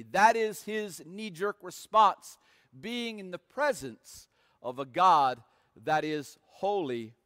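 A man preaches slowly and deliberately, his voice sitting high for a man. He leans hard into dramatic, emphatic readings of scripture. The sound carries a long reverb, as in a church sanctuary. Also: bright, forceful tone, studio quality. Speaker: pastor. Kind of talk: sermon.

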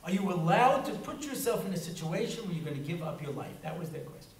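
A high-pitched man races through a humorous Torah talk in a synagogue hall, very animated as he tells stories, acts out voices and laughs. The mic is distant, capturing a roomy hall with faint noise.

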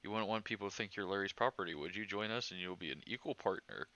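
A man chatting and joking while playing a video game with a friend, lively and playful. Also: low voice, fast talker, no room sound, muffled recording. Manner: animated, laughing, swears playfully. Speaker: let's play gamer. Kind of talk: casual gameplay chat.

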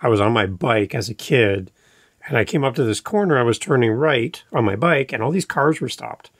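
A man hosting a podcast in casual chat, eager and quick to jump into his own stories. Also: mid-range voice, expressive, husky, dry recording, studio quality. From Canada. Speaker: podcast host.

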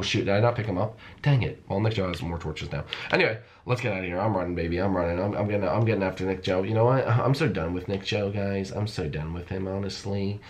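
Young male gaming YouTuber, low-ish voice, animated swings, playful hype commentary, slight background hiss. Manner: playful, hypes himself up, repeats phrases, talks to viewers as folks. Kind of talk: excited Minecraft let's-play commentary.

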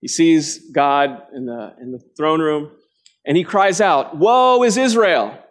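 A man preaching a sermon to a live congregation, earnest and direct, often asking the listeners questions and acting out quotations with big jumps in pitch. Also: slow. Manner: dramatic quotes with sharp jumps in pitch. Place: church gathering before a live congregation.

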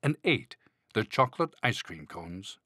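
A man narrating a children's storybook in a slow, expressive read-aloud manner. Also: fairly low pitch, slightly rough, dry recording, clean studio sound. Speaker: audiobook narrator.

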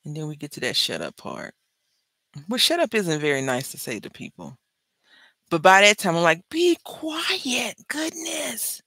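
Chatty woman with a gravelly voice. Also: deep voice, normal speed, long pauses, dry recording. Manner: chatty storyteller, animated and joking. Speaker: craft video host. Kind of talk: casual chat while crafting.

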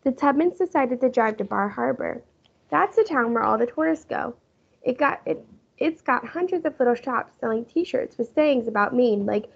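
A woman teacher reading a children's chapter book aloud in a lively storytelling manner. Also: on the high side, normal speed, creaky, husky. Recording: muffled lo-fi recording.

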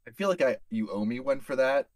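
A mid-range-voiced man plays a tabletop role-playing game, sounding animated and speaking a little fast. Despite that, he's hesitant, with many fillers, in this casual session captured as a dry recording.

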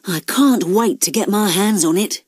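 A woman's voice: mid-range voice, normal speed, close to an everyday voice. A woman voicing a greedy, impatient male jewel thief in a storybook reading, eager and grasping. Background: background music.

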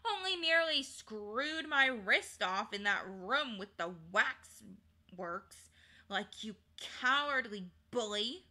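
Woman voicing a snippy storybook schoolgirl, high and bright, sarcastic. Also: full character voice. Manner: indignant, sarcastic. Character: proper young English girl, sharp-tongued.

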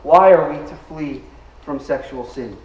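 In a church sanctuary, an unhurried preacher whose voice sits a bit high for a man, though darkish in tone, drives his points home with emphasis and has the congregation echo words back. The mic is far off, so the sound is roomy, reverberant and dull.

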